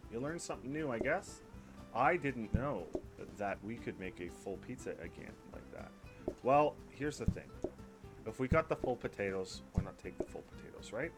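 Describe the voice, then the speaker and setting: This gaming YouTuber speaks at a medium pitch and normal speed, with music in the background. He has a mild Canadian accent and keeps up relaxed, rambling chatter about his gameplay, humming and talking to himself.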